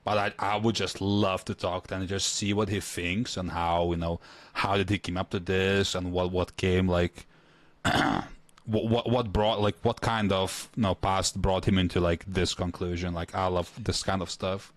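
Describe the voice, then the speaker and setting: A man's voice: low voice, level tone, moderate pace, no echo. A man casually chatting and reacting as a streamer, rambling and laughing often.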